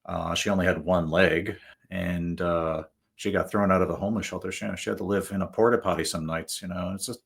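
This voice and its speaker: A man's voice: low voice, steady tone, a little fast, creaky, breathy edge. A male guest telling stories in a casual, rambling way, full of fillers and restarts. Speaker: guest author. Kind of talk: casual storytelling.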